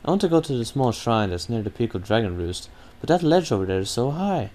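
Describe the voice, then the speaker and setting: A man's voice: medium pitch, sing-song, fast, a little mellow, pitched above the performer's own voice, close to an everyday voice. A man voicing a kind, earnest young bird-girl attendant while reading game text aloud.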